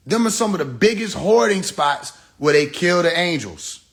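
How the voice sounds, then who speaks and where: A man talking on a phone livestream in a loose, animated rant, swearing freely and laughing at his own jokes. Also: high-pitched, normal speed. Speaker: live streamer.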